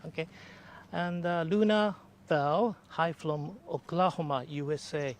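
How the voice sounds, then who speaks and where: Outdoors by a lake, a man leads a live-streamed virtual walking tour. He speaks haltingly with lots of fillers, in a voice on the high side, and sounds excited when he greets viewers. Slight background noise can be heard.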